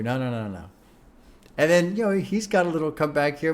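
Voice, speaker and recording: A man's voice: on the high side, big pitch swings, moderate pace. Laid-back man reacting to music. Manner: laid-back, chatty, laughs often, reads lyrics aloud. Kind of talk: casual reaction commentary over a song.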